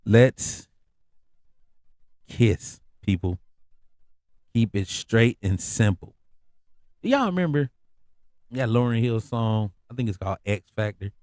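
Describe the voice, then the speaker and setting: A man's voice: lowish voice, expressive, slow pace, pauses often, darkish tone, dry recording, studio quality. A man hosting a podcast, telling a story in a casual, laid-back way, full of slang and repeated phrases. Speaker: podcast host.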